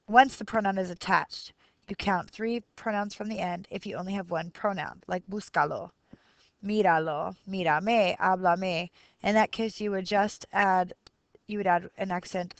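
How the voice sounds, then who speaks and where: A woman in her thirties talks through a grammar lesson, patient and explanatory, pausing on small fillers as she counts syllables out loud. Her voice sits in an ordinary middle register, recorded close and dry with no room sound. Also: medium pitch, no room sound. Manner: switches between Spanish and English explanations, counting syllables aloud. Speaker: Spanish teacher. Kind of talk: classroom video lesson.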